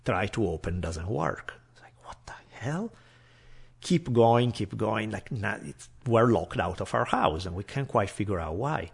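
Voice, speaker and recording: A man's voice: on the low side, normal speed, creaky, few pauses, husky. A man telling a personal story in casual chat, acting out the people he quotes. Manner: animated, acts out quoted voices.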